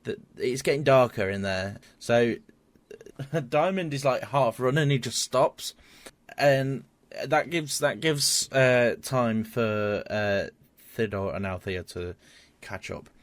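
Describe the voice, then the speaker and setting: A man narrates a tabletop game as its game master, mid-pitched and plain-voiced. He stalls on fillers and repeats words while he thinks. The sound is dry, with no room around it. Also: takes it slowly, no room sound.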